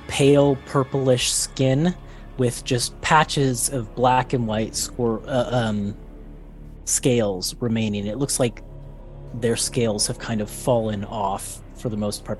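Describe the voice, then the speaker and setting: A man narrating a tabletop role-play as game master, halting and full of fillers. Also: on the low side, a little mellow. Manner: unhurried, halting, many fillers.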